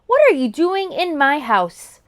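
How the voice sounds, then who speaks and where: A woman's voice: high-pitched, big pitch swings, measured pace, fairly bright tone, no room sound, studio quality, heavily acted. A woman voicing an angry, eerie little goblin who talks in a suspicious way.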